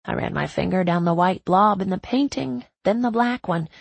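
A woman's voice: mid-range voice, normal speed, gravelly, husky, dry recording. A woman giving intimate, emotional first-person audiobook narration.

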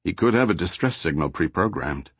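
A man narrating an audiobook thriller in a steady, even storytelling voice. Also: sits low, brisk, slightly rough, dry recording. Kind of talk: scripted narration.

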